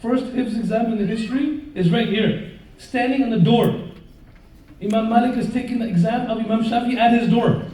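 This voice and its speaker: A man's voice: extremely high pitch, moderate pace, slight background noise. A man preaching a live sermon, telling stories and turning to question and joke with his audience. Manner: lively storyteller who questions and jokes with the audience. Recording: very roomy echo, voice far from the mic.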